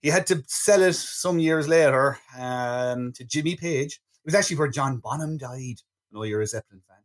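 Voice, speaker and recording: A man's voice: medium pitch, moderate pace. A man hosting a casual film review chat, good-humoured and rambling. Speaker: podcast host.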